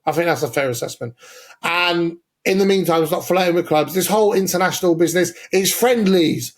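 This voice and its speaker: A man's voice: sits high, a little fast. A man co-hosting a casual football podcast, opinionated and sweary, laying out his arguments step by step. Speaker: podcast co-host.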